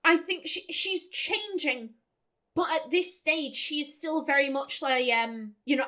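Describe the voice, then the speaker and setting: A young woman hosts a game playthrough, musing aloud and reading out the choices she is weighing. Her voice sits high and bright. She talks in a loose, chatty way. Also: measured pace. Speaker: let's play host. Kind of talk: gameplay commentary.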